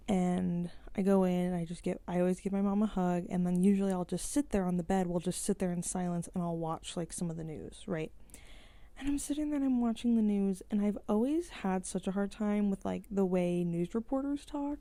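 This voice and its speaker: A woman's voice: mid-range voice, gravelly, dark tone, no room sound. A young woman in a casual vlog, rambling with lots of "like" and exasperated rhetorical questions. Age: young adult. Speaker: vlogger. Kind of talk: casual vent to camera.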